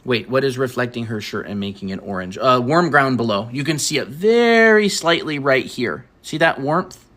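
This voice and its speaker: A man hosting a casual art livestream, explaining drawing lessons in a clear, measured way. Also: medium pitch, lively intonation, fairly bright tone. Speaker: art teacher and stream host. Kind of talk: casual livestream chat while teaching drawing.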